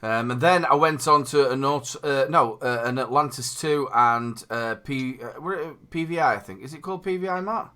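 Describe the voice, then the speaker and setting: Northern English male host, bright forceful tone, loose chatty delivery. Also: medium pitch, normal speed, few pauses. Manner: chatty, laughs readily, repeats words. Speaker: podcast host. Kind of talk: casual chat.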